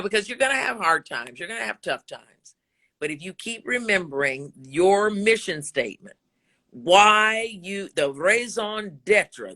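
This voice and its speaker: A woman's voice: lowish voice, sharp tone. A woman in her sixties, a broadcaster and voice actor, talking candidly and emphatically in an interview, preaching motivation and swearing freely.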